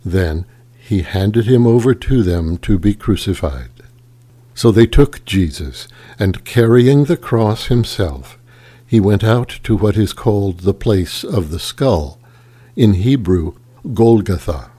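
Slow, husky man reading scripture. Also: on the low side, expressive, warm tone. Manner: slow, measured and solemn. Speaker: scripture reader.

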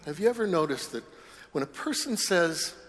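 A man's voice: on the high side, expressive, normal speed, a bit bright. A man preaching a sermon as a priest in a church, conversational with wry humorous asides. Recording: long church reverb.

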